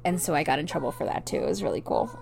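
A woman's voice: low voice, racing, gravelly. A young woman telling a casual story to her viewers, swearing freely and acting out voices and sounds. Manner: animated, swearing, acts out voices and alarm beeps. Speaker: vlogger.

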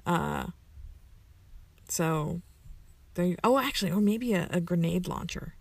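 A woman's voice: fairly low pitch, animated, measured pace, dry recording. A woman casually answering a list of questions, rambling with lots of fillers and self-corrections. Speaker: community member answering questions.

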